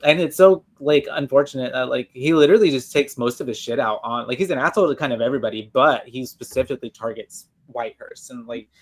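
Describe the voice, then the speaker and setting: A man's voice: medium pitch, quick pace, few pauses. A man co-hosting a podcast, retelling a movie scene by scene in casual chat, rambling with lots of fillers and restarts. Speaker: podcast co-host.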